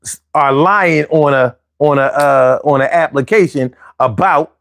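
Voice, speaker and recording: Philly guy talking casual advice, kinda high voice, dry close sound, slangy and jokey. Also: measured pace, vocal fry, a bit bright, no room sound. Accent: Philadelphia. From Philadelphia. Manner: conversational, slangy, with fillers and jokey asides. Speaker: host.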